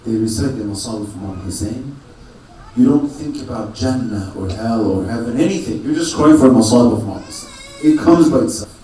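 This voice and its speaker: A man's voice: mid-range voice, animated, fairly quick, dark tone, slight background noise. A man giving a religious sermon to a congregation, asking rhetorical questions, answering them himself and repeating key phrases. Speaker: preacher. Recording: echoey hall, mic far off.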